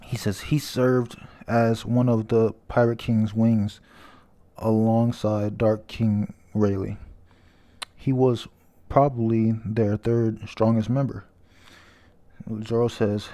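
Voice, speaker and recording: A man's voice: fairly low pitch, level tone, slow pace, dark tone. A man casually reading through a comic chapter aloud, chatty and stumbling over names, often laughing. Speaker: comic reader and reviewer.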